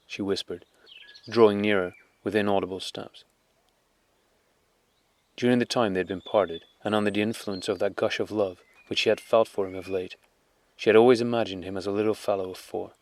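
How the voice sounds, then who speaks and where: A man narrating a classic novel as an audiobook in a measured, calm, unhurried way. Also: lowish voice.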